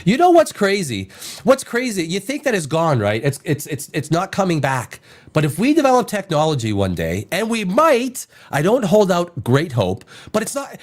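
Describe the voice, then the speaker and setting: Animated man with a cold. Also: on the high side. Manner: animated, rambling, swears casually. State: has a cold. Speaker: podcast host. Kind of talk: casual podcast talk, reading news aloud.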